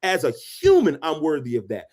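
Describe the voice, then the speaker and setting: A man's voice: a little high, huge pitch swings, fairly quick, darkish tone. A man co-hosting a podcast, giving advice in an emphatic, preachy way and repeating phrases for emphasis. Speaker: podcast co-host. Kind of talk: casual advice conversation.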